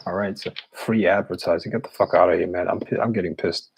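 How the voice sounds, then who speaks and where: Gravelly low-voiced man, blunt and profane. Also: steady tone, fast talker, a little hiss or hum, rough recording. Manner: blunt and profane, with scoffing laughs. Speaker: occultist answering viewer questions. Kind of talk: casual live Q&A.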